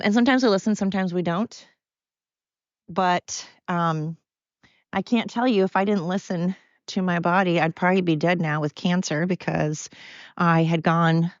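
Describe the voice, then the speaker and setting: An American woman talks through her podcast alone at home, blunt and candid, wandering from point to point. Her voice sits on the low side. The recording is dry and dull, with no room sound and a muffled top end. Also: dry recording. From United States. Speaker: podcast host. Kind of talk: casual solo monologue.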